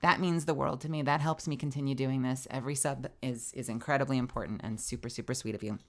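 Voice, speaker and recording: A woman's voice: very deep voice, steady tone, fast talker. A young woman streamer with a tired, strained voice, chatting animatedly, laughing and swearing freely. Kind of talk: casual stream outro chat.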